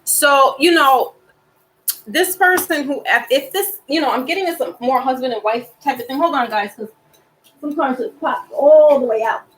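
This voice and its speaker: High-voiced chatty woman reading cards. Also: normal speed, fairly bright tone, a little hiss or hum, poor audio. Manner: chatty, rambling, talks to viewers as "y'all". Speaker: tarot reader. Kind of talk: casual tarot reading chat.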